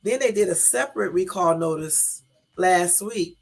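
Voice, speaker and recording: Unhurried and low-pitched with vocal fry, this YouTube live-stream host reads news aloud in a casual stream. She addresses viewers directly with emphatic, exasperated remarks while faint music plays underneath.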